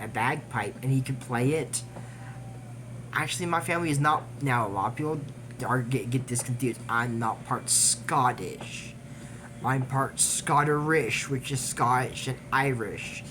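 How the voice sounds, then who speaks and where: A man recapping an animated series in a casual, digressive way, trailing off with fillers and little laughs. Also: medium pitch, slight background noise. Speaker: YouTube recap host. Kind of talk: casual rambling episode recap.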